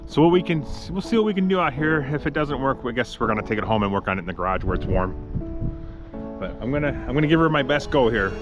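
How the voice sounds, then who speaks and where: Male DIY vlogger, mid-pitched, self-deprecating, commentary while working outdoors in wind. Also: expressive, fast talker, dull audio, over music. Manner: wry, self-mocking, mutters while working. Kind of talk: casual running commentary while wrenching.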